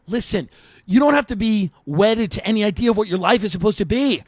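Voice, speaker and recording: High-voiced man telling a comic story. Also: a little fast, no room sound, studio quality. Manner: rambling anecdote, frequent asides and filler. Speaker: podcast host. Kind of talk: comedic storytelling.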